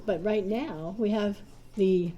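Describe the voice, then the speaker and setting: Brief: female host, informal and chatty, mellow voice, live event announcements. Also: mid-range voice, slow pace, highs cut off, a little hiss or hum. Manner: chatty, informal, stumbles over names. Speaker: host of a reading series. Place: bar reading event.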